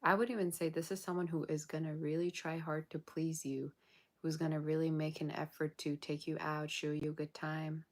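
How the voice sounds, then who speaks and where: A woman's voice: deep voice, flat delivery, moderate pace, darkish tone. A woman giving a casual tarot reading straight to her viewers, blunt and sassy, tired and yawning late at night. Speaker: tarot reader.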